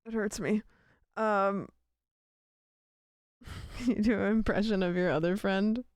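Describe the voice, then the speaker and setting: Slow-talking giggly woman streamer. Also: medium pitch, steady tone, clean tone, no room sound, studio quality. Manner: giggly, chatty, reacts to clips with laughs. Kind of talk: casual live-stream chat.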